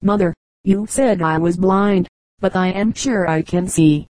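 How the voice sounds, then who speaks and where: A woman's voice: on the low side, a little slow, darkish tone, no room sound, lightly acted. Woman reading as a conceited little mole. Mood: boastful. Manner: boasting.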